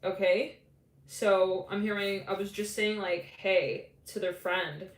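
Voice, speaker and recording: A woman giving a live psychic tarot reading in a rambling, loose way, full of "like" fillers and quick quoted voices. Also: mid-range voice, fairly even intonation. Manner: rambling, many "like" fillers, quotes imagined people, laughs often. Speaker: tarot reader. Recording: echoey room with faint background noise.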